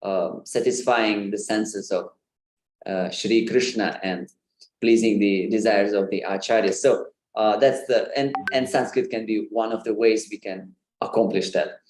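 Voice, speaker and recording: A man's voice: on the low side, fairly even intonation, a little slow, darkish tone, echoey room. A man giving an informal online lesson on pronunciation, with many fillers and light laughs. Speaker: Sanskrit pronunciation presenter.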